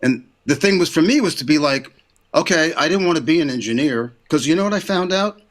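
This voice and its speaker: An older man, an interview guest, telling career stories in a casual, animated way and acting out quotes in a raised voice. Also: fairly high pitch, fairly quick. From United States. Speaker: interview guest, recording engineer and producer.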